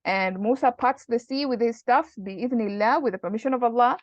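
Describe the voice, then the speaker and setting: A woman with a slightly high voice teaches Arabic grammar in an easygoing lesson, patiently working through examples and slipping in Arabic quotes. The recording is dull and lo-fi, with a dry, close sound. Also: a little fast, no echo. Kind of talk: casual online lesson.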